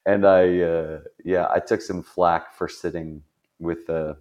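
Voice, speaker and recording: A man's voice: sits low, steady tone, slow pace, a little mellow, muffled recording. A man hosting a podcast in casual chat, rambling and self-deprecating, laughing often. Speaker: podcast host.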